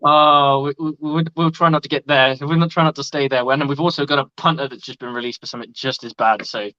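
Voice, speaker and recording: A man, a coach on a sports talk show, telling jokes in an animated way with stammered starts. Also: mid-range voice, fast, smooth, no echo, muffled recording. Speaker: coach, co-host. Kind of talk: casual joke telling.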